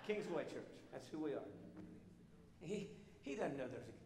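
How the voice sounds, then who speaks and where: A man preaching a sermon as pastor, swinging between emphatic shouting and hushed intimate tones, full of repeated rhetorical questions. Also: fairly high pitch, very animated, normal speed, a crowd in the background. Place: church sanctuary. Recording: echoey hall with long reverb.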